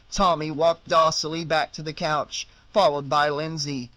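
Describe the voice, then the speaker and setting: A man narrating a horror novel audiobook in a measured, dramatic storytelling manner. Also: fairly high pitch, level tone, sharp tone. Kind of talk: scripted narration.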